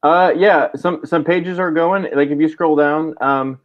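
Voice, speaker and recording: A man's voice: on the high side, steady tone, unhurried, no room sound, lo-fi sound. A man appearing as a guest on a casual livestream, explaining things in a laid-back way with many fillers. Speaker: comic creator guest.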